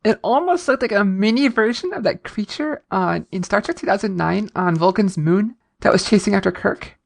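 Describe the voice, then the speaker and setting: A woman's voice: mid-range voice, animated, normal speed, creaky. A woman co-hosting a podcast, chatting casually about a TV episode and laughing often. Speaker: podcast co-host. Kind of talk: casual episode recap chat.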